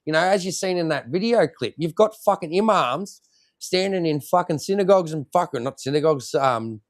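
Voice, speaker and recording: Fired-up Australian veteran, swearing. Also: male voice, a little high, lively intonation, a little fast. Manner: heated, swears constantly, repeats himself. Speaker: guest, military veteran. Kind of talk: angry profane rant.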